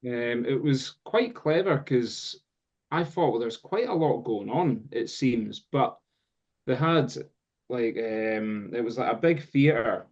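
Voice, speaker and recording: A Scottish man, a guest drum teacher, telling a long story in casual chat, rambling with many pauses and fillers. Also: medium pitch, animated, a little mellow. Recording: dull lo-fi sound.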